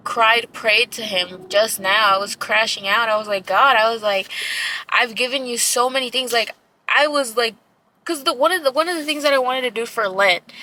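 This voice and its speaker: A woman's voice: on the high side, bright, forceful tone, slight background noise, low-quality recording. A woman in her twenties venting in a candid vlog, rambling and emotional, swearing casually and filling her talk with "dude" and "like". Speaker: vlogger. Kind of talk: candid talking-to-camera vlog.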